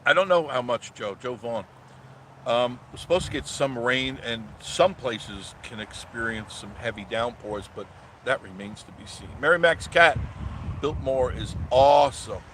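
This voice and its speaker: Loud, sarcastic man live-streaming from car. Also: medium pitch, a little slow, slight background noise. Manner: loud, ranting and sarcastic, mocking voices. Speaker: live-stream host reading viewer comments. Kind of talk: casual live-stream chat. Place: parked car outdoors.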